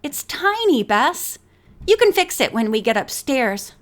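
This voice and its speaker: A woman reading an audiobook, voicing a sensible, calm young woman detective. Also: high-pitched, unhurried. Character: level-headed young woman sleuth.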